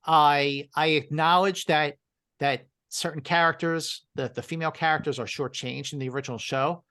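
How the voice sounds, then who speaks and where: A man's voice: a little high, fairly even intonation, sharp tone, clean tone. A man appearing as a podcast guest, making his points emphatically in casual chat. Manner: emphatic, measured arguing.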